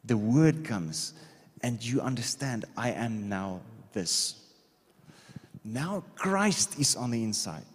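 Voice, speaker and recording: A man's voice: medium pitch, very animated, slow pace, slightly rough, in a large hall. A man preaching a sermon in a conversational way, checking in with his listeners again and again. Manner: conversational, repeats okay, drawing on a board. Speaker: pastor. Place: church hall.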